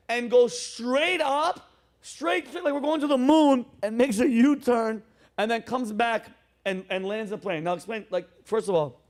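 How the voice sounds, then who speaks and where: A male comedian hosting a show, telling stories in a casual chat with loud, animated acted-out quotes. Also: very high-pitched. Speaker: comedian host.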